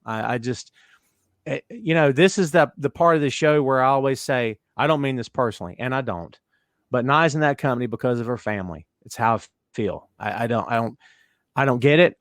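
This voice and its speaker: A man from North Carolina with a toned-down Southern accent hosts a casual wrestling podcast. He talks in animated bursts, cuts himself off and restarts, and is blunt with his opinions. The voice is dry and close to the mic. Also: mid-range voice, no room sound. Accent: Southern US, softened. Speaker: podcast host.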